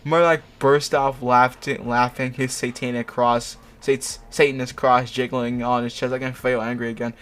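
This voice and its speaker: A man's voice: medium pitch, flat delivery, moderate pace, hardly any pauses, fairly bright tone, clear, resonant tone. A man hosting, reading fanfiction aloud with mocking asides, laughing often and tripping over his words. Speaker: host.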